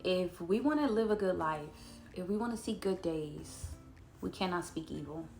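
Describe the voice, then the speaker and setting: Gravelly woman giving a casual Bible talk. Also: on the low side, animated, a little mellow, soft background music. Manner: chatty and earnest, slows down to read scripture aloud. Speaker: Bible study vlogger. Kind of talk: casual devotional talk to camera.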